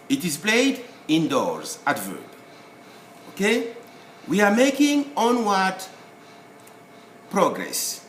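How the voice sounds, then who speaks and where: A man teaching a spelling lesson, explaining word by word in a slow, deliberate way with many pauses. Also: sits high, a little hiss or hum. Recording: roomy echo, faint ambience.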